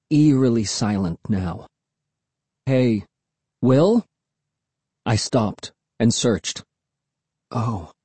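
Male audiobook narrator, husky, suspenseful, dry close read. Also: mid-range voice, dry recording. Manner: expressive, suspenseful storytelling. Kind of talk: scripted narration.

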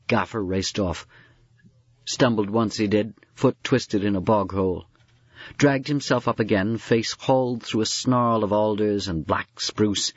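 A man with a low, husky voice narrating a story in a measured, dramatic way. The recording is dry and close with a dull, lo-fi sound. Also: no room sound. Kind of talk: storybook reading.

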